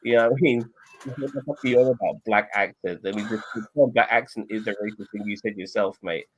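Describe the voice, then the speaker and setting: A podcast host with a slightly low voice vents bluntly, peppering his talk with swearing. His delivery is loose and heated, the kind of unscripted rant heard in a casual panel chat. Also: fairly even intonation, fast, slightly rough. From United Kingdom. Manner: blunt, profane, ranting.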